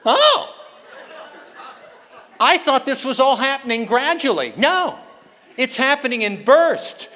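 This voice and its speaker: A man's voice: very high-pitched, sing-song, takes it slowly, pauses often, pushed and bright, some chatter behind. An older man performing a self-mocking stand-up comedy set on stage, acting out the voices he quotes. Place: conference hall stage with a live audience.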